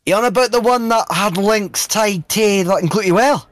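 A man's voice: high voice, moderate pace, no echo, lightly acted. A man voicing a foul-mouthed, rowdy wedding guest in a put-on Scottish accent. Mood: brash. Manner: swears constantly, brash.

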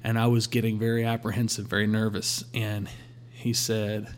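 A man sharing a personal faith testimony in a relaxed conversational way, acting out his talks with God. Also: lowish voice, normal speed, slight background noise. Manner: storytelling, quotes God in a calm voice.

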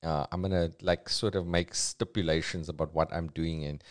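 A middle-aged man hosts a loose, comedic solo podcast. His voice sits on the low side, and he swings between half-mumbled asides and sudden loud jokes. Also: fairly even intonation, normal speed. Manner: rambling, self-mocking, jumping between mumbles and bursts. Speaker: podcast host.

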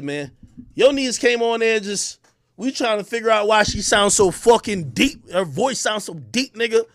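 A man ranting to camera as an online personality, loud and boastful with profane trash talk. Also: high voice, lively intonation, moderate pace, no room sound, clean studio sound.

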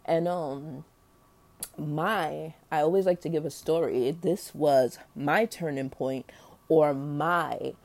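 A woman's voice: low voice, takes it slowly, a little mellow. A young adult woman telling a personal story in a candid, slangy, rambling way, full of fillers and explicit language. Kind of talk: casual storytelling.

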